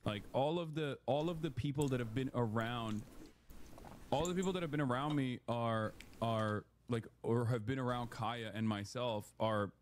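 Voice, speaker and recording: A man talking casually on stream, halting and repeating himself. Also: medium pitch, slight background noise.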